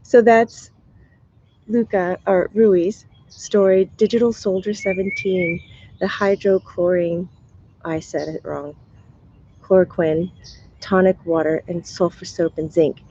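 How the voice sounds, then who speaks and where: A woman's voice: on the low side, fairly even intonation, slow pace, dark tone, lo-fi sound, slight background noise. A woman hosting a live stream as a spiritual medium, chatting casually with viewers, sounding tired in her morning voice and laughing often.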